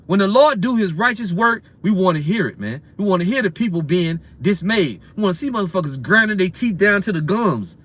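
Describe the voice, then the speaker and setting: High-voiced man preaching a heated rant. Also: very animated, brisk, hardly any pauses. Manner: loud ranting with frequent "man" tags; profane, repetitive, swings in loudness and speed. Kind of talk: ranting sermon.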